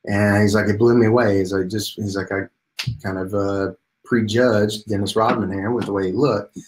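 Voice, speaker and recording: A man's voice: lowish voice, steady tone, moderate pace, darkish tone, low-quality recording. A man giving a casual coaching talk, rambling with many fillers and telling stories from his mentors. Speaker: life coach.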